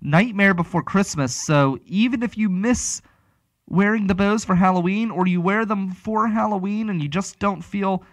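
A man's voice: high-pitched, moderate pace, no echo. A man hosting a casual talk show, rambling and chatty, with many restarts. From Pittsburgh area. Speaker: radio talk show host.

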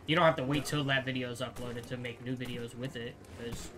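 A man's voice: medium pitch, fairly even intonation, brisk. A young man chatting casually while playing a game online, swearing often and rambling through stories. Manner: swears a lot, rambling anecdotes. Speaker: gamer co-playing. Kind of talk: casual gaming chat.

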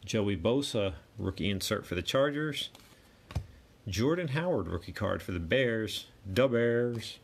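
Hosting a card break, a man with a lowish, expressive, creaky voice takes his time, calling out each card casually as he opens packs. He chats to himself in asides, and there's slight background noise.

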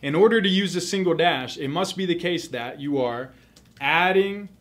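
A man tutoring for a test, explaining grammar rules in a clear, methodical lesson and repeating the key points. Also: fairly high pitch, normal speed, fairly bright tone.

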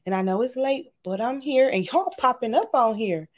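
A woman, hosting a casual craft livestream from home, chatting and greeting viewers by name in an animated way. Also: fairly high pitch, measured pace, hardly any pauses. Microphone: webcam or laptop camera.

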